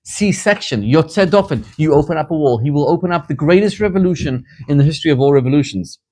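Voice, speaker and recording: A man's voice: fairly high pitch, fast. Fervent man preaching with rising passion. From Zimbabwe. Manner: animated storytelling, rising to fervent emphasis. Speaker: rabbi. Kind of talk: sermon.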